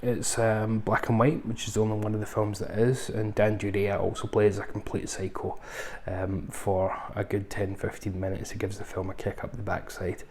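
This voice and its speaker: A man with a low, gravelly voice gives a loose, conversational film review to camera. He wanders off on tangents and fills pauses with ums. Faint ambient noise sits under the close mic. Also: level tone, darkish tone. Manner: rambling, conversational, frequent ums and asides. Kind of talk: casual film review chat.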